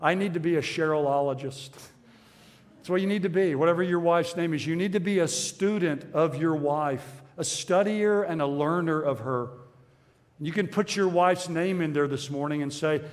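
A middle-aged man preaching a sermon in a church, earnest and measured, repeating his key phrases. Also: a little high, long reverb tail. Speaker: pastor.

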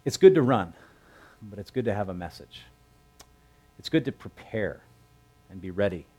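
A man preaching a sermon, retelling a scripture story conversationally and acting out the characters' lines with lively raised voices. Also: lowish voice, normal speed, breathy edge. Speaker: pastor.

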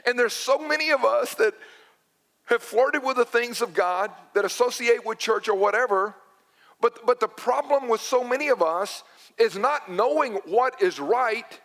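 A man's voice: very high voice, expressive, a little slow, a bit bright, big-room sound. A man preaching a sermon to his congregation, telling stories and pressing his points with repeated phrases. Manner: storytelling, emphatic with repeated phrases. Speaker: pastor. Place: church sanctuary.

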